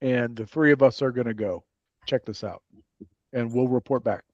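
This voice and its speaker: A man playing in a tabletop game, talking in a hesitant, halting way. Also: medium pitch, darkish tone, no echo, muffled recording. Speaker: player.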